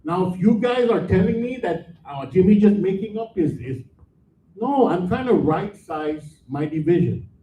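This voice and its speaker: A man's voice: high voice, expressive, measured pace, a little hiss or hum. A man, a division manager speaking bluntly and with frustration during public comment at a board meeting. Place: meeting hall. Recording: echoey room, far from mic, tinny.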